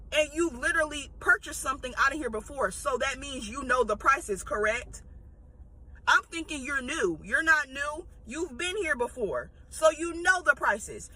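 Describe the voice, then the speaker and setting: A woman telling a story in a casual, blunt and animated way, laughing and swearing as she goes. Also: high voice, rough recording.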